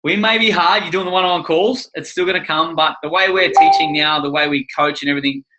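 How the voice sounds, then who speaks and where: A man's voice: on the high side, fast, sharp tone, lo-fi sound. A man co-hosting a coaching course livestream, upbeat and jokey, talking in a rambling way. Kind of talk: casual livestream chat.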